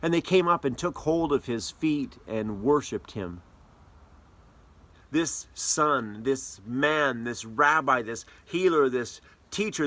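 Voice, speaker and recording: Guy giving a sermon, kinda high voice, tells stories big, gets loud then hushed. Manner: animated storyteller with wide swings in loudness and pace. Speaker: pastor.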